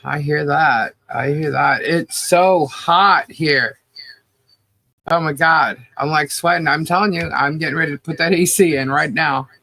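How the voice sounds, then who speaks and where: A man's voice: a little high, fairly even intonation, normal speed, vocal fry, few pauses, bright, forceful tone, dry recording. A man hosting a livestream who chats casually and rattles off viewers' names. He sounds a bit stuffy and nasal from the humidity and allergies. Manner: upbeat, chatty, rattles off names. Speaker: livestream co-host.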